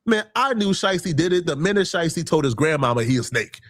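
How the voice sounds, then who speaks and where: A man commenting in an online video, telling the story emphatically and acting out quotes with sudden jumps in pitch. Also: animated, fairly quick, slightly rough, dry recording, clean studio sound. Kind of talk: commentary video played on stream.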